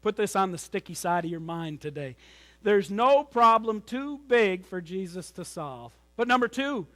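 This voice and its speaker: A man preaching a sermon in a church, telling stories and moving between strong emphasis and hushed, quiet lines. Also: high-pitched, animated, normal speed. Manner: storytelling preacher, rises loud then drops to near whisper. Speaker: pastor. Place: church sanctuary.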